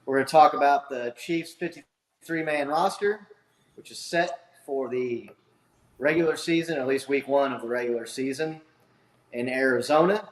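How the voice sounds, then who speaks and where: A man's voice: medium pitch, moderate pace. A man hosting a casual sports podcast over a video call, rambling with fillers and restarts. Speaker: podcast host. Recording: echoey room sound.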